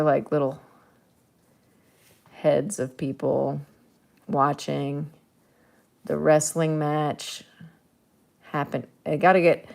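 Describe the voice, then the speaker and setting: Slow low-voiced woman painting and chatting. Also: vocal fry, darkish tone. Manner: chatty, thinking aloud, playful. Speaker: artist painting on camera. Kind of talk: casual narration while painting.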